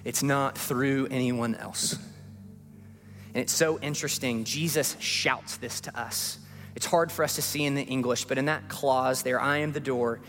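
A man preaching a sermon as a pastor in a church, swinging from hushed pleading to rising, repeated refrains. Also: medium pitch, steady tone, measured pace. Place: church sanctuary. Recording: long hall reverb with faint music.

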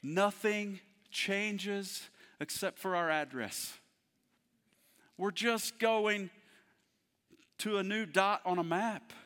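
A man in his thirties preaching a heartfelt sermon as pastor to his church, moving between hushed, tender passages and loud, fervent ones. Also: sits high, slow, long pauses. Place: church service in a theater. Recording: long hall reverb.

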